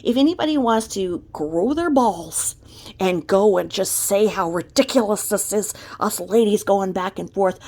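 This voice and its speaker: A woman's voice: fairly low pitch, vocal fry, darkish tone. A woman delivering a ranting commentary vlog from her home desk, emphatic and repetitive in her scolding. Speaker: commentary vlogger.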